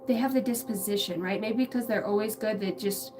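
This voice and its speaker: A woman's voice: mid-range voice, a little fast, a little mellow, far from the mic. A woman giving a rambling, searching spiritual reading on a livestream from outdoors on a ranch, swearing casually as she talks. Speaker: spiritual channeler. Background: music, passing pickup trucks.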